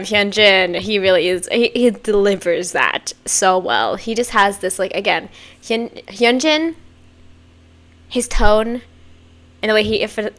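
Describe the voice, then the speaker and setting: A woman hosting a casual music reaction video, excitable and gushing, with frequent breathy exclamations. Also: mid-range voice. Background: faint music playing.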